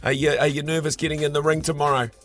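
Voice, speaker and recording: A hoarse man co-hosting a breakfast radio show, joking around with a guest. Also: fairly high pitch, flat delivery, quick pace, a bit bright, faint music behind. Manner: rough, jokey banter.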